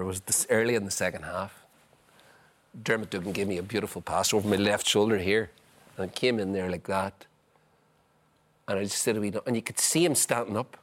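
A middle-aged man, a former footballer telling lively anecdotes as a guest, full of "you know". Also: lowish voice. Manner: chatty, leans on "you know", acts out scenes. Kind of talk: animated anecdotal storytelling.

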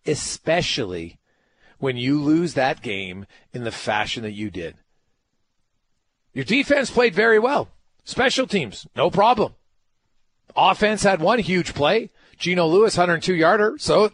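A man's voice: a little high, a bit bright. A man hosting a sports talk radio show, emphatic and ranting, firing off rhetorical questions.

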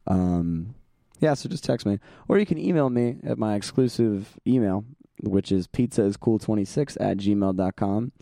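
Hoarse gravelly young man, rambling podcast chat. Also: lively intonation, normal speed, mellow, no room sound, studio quality. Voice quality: gravelly, sandpapery. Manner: rambling, self-deprecating, laughs often; low energy, tired. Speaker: podcast host. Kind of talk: casual solo podcast chat.

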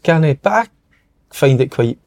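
A man's voice: on the high side, a little slow, vocal fry. A Scottish man, a former footballer, bantering as a podcast co-host in casual chat. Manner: animated, banters and mimics.

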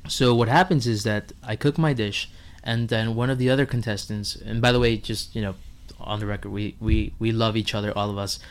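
Animated, laughing chef telling stories. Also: male voice, fairly low pitch, a little fast, clear, resonant tone. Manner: animated storyteller, acts out others' lines, laughs often. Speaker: chef guest. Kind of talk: casual podcast chat.

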